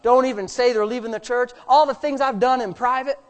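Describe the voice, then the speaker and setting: Delivering a sermon at a brisk clip, a male pastor is lively and sarcastic. He moves back and forth between loud, high exclamations and soft asides.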